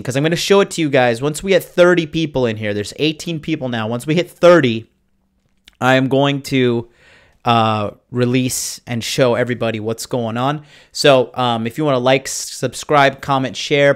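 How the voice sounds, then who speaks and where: A man hosting a casual livestream from his home, reading viewer comments and rambling in a loose, profane, boastful way. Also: medium pitch. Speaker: dating coach and livestream host.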